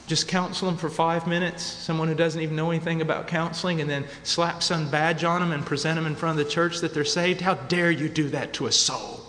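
A man preaching a sermon, telling a story and building to fervent, shouted peaks. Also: on the high side, fairly even intonation, brisk, few pauses, a little hiss or hum. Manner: impassioned, rising to shouted peaks. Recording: reverberant hall with faint ambience.

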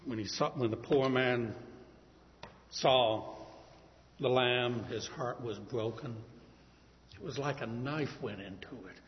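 A man preaching a sermon, retelling a Bible story in a vivid, animated storytelling manner. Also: mid-range voice, slow, long pauses, in a large hall, dull audio, slight background noise.

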